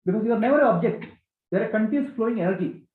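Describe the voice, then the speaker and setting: A man giving a spiritual talk to a gathering, animated and questioning, repeating key phrases. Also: sits high, very fast. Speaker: spiritual teacher. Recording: echoey, tinny phone-like sound.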